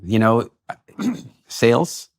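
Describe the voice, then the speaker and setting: A man in a conversational interview, telling lively stories and acting out the lines of people in them. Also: mid-range voice, extremely slow, creaky, no echo, studio quality. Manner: animated storyteller acting out quoted dialogue. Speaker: guest speaker and lecturer.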